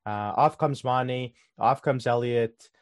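A man co-hosting a casual football talk show, giving animated analysis with lots of "uh" and "um". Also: mid-range voice, takes it slowly, dry recording, studio quality. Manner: animated, filler-heavy analysis. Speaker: co-host.

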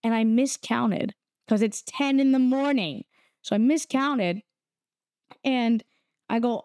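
Animated young woman telling a story. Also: on the high side, measured pace, no echo, studio quality. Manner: animated, quotes people in her story. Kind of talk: casual chat.

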